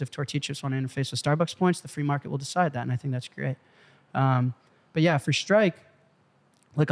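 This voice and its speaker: A young man, a startup founder being interviewed, telling a story in an animated way and swearing freely. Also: mid-range voice. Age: young adult. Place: studio in Malibu.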